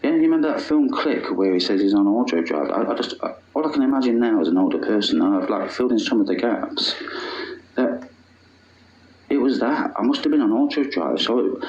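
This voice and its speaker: A man's voice: fairly low pitch, animated, brisk, darkish tone, a little hiss or hum. A man tells a personal story in an emotional, rambling way, often dropping to a whisper. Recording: roomy, dull lo-fi recording.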